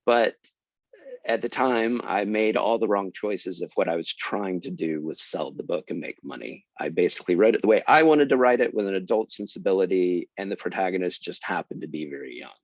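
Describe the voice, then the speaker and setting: Animated self-mocking male author, muffled call audio. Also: a little fast, no room sound. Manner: animated, self-deprecating, jumps in pitch for emphasis. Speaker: guest author. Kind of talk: casual storytelling talk. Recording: dry, muffled lo-fi.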